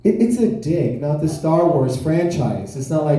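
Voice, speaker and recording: A man performing stand-up comedy with a dry, self-deprecating delivery. His voice sits a little high and sounds very dark and mellow. It rings out in a very echoey club room. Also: unhurried. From South Florida. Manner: deadpan, self-deprecating storytelling.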